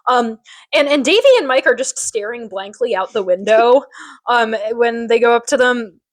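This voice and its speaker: A woman co-hosting a podcast, recapping a TV episode in casual chat with animated, giggly asides. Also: fairly high pitch, normal speed, no echo. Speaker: podcast co-host.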